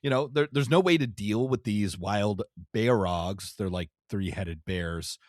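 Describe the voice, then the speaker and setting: A man's voice: fairly low pitch, measured pace, no room sound, studio quality. A man co-hosting a tabletop game podcast, chatting casually and joking, often chuckling as he rambles through his points. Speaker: podcast co-host, game master.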